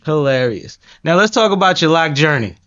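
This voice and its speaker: A man's voice: a little high, expressive, normal speed, fairly bright tone, clean tone. A man with a Philadelphia accent hosting a podcast, teasing his guest in casual slangy talk. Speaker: podcast host. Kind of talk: casual chat. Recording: slightly dull lo-fi sound.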